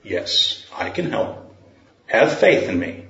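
A preacher voicing a calm, deep divine voice from above that speaks slowly and soothingly. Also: male voice, exaggerated voice. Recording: roomy, dull sound.

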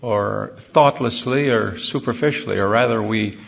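A man giving a measured, deliberate sermon-style Bible talk from a convention platform, pausing often with fillers. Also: lowish voice, creaky, dull audio. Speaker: speaker at a religious convention.

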